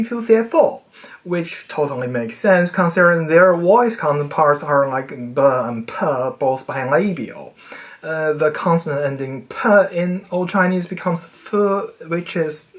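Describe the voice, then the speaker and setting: A speaker giving a casual educational monologue about language, explaining with a playful, nerdy manner that swings widely in pitch and trails off quietly at the ends of phrases.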